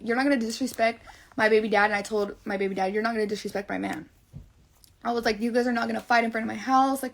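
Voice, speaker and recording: A woman's voice: fairly high pitch, a bit bright. A young woman telling her viewers a long personal story, blunt, rambling and swearing a lot. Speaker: livestreamer.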